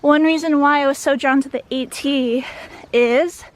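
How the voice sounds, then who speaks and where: High-voiced young woman chatting outdoors. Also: fairly even intonation, a little slow. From Wisconsin, USA. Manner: chatty, lots of "like" fillers. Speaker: hiker vlogger. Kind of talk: casual storytelling vlog. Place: outdoors on a mountain trail. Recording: outdoor noise in background.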